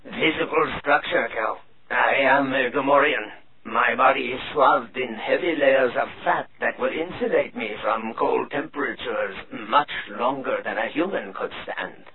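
A man's voice: mid-range voice, measured pace, crowd noise, lightly acted. A man voicing a harsh, mechanical-sounding Gamorrean pilot. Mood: matter-of-fact. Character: male Gamorrean pilot, blunt and stolid. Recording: tinny phone-like sound.

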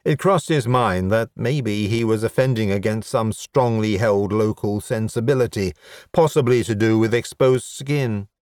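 A man narrating a comic fantasy audiobook in a wry, even storytelling manner. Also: on the low side, measured pace, no echo, studio quality. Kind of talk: scripted narration.

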